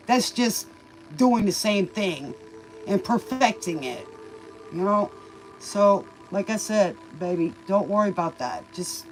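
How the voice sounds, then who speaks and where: A woman reads tarot in a loose, homespun way, preaching about tears, lessons and faith while calling her listener baby. Her voice sits in a middle register, neither high nor low. Quiet music plays faintly behind her. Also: low-quality recording. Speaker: tarot reader and livestream host. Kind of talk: casual spoken tarot reading.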